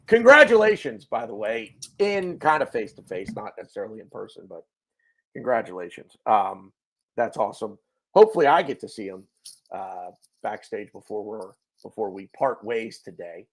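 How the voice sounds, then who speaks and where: Chatty male host of a fan show, animated pitch, jokey, many fillers. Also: normal speed. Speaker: podcast host. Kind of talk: casual fan show chat. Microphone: video call.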